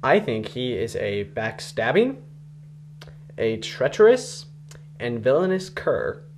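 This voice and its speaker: A man's voice: mid-range voice, very animated, slow pace, a little mellow, slight background noise. A young man in a mock interview, grandly scornful and mock-pompous. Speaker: interviewee in a comedy sketch.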